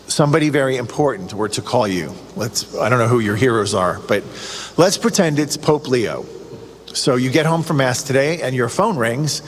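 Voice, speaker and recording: A man's voice: fairly high pitch, in a large hall, a little hiss or hum. A man preaching a radio sermon, earnest and emphatic, with lots of rhetorical questions. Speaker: radio show host giving a reflection.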